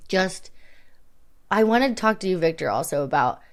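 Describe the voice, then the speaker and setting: This young woman co-hosting a podcast has a lowish, animated voice and a moderate pace. Her casual chat wanders, leans self-deprecating, and is full of laughter.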